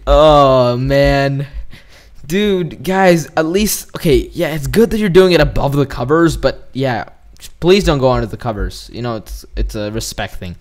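Man, gaming host, let's play commentary, excitable and jumpy, startled yelps, middle pitch. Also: measured pace.

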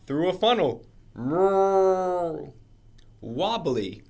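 A man reading a children's picture book aloud in a playful, animated way. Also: medium pitch, a little slow. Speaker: storybook reader.

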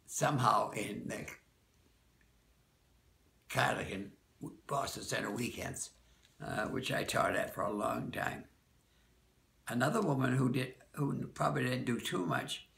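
An older man, a dance teacher, recalling people from the past in a rambling, halting way, often correcting himself. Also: mid-range voice, creaky, fairly bright tone, reverberant. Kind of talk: oral-history reminiscence.

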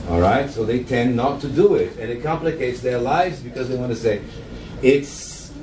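A man with a Brazilian Portuguese accent gives a conference workshop to teachers. He speaks deliberately and acts out stressed words in slow, exaggerated examples. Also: medium pitch, a little mellow, slight background noise. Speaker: teacher trainer giving a conference talk. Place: conference hall with an audience. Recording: echoey hall from a distance with audience.

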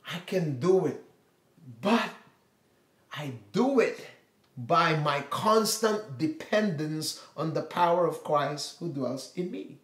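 A male pastor with a high-pitched voice delivers a dynamic sermon. He shifts between loud, emphatic cries and quiet, prayerful passages. His voice rings around a roomy, echoing church.

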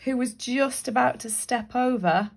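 A woman with a Northern English accent and a slightly high, slightly slow voice, with vocal fry and a breathy edge, teaches drawing as an illustrator. She chats through the tutorial, thinking aloud as she sketches and briefly voicing the characters she draws.

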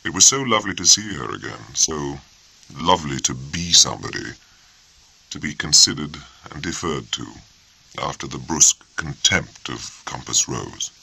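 A man narrating an audiobook with measured, expressive storytelling. His voice sits extremely low with a gravelly, husky texture, yet rings bright and moves with lively pitch. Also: rough recording. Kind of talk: scripted narration.

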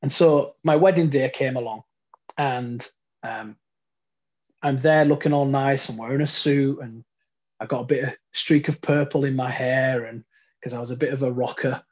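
Husky-voiced man telling his life story. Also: mid-range voice, steady tone, normal speed, darkish tone, highs cut off. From United Kingdom. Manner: reflective and earnest, with frequent ums. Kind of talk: personal testimony. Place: front room at home.

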